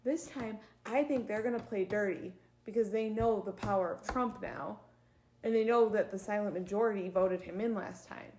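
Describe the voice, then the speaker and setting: A woman's voice: medium pitch, darkish tone, a little hiss or hum. Insistent young woman in an echoey room. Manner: quick, insistent, often talks over others. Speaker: podcast co-host. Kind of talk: casual political chat.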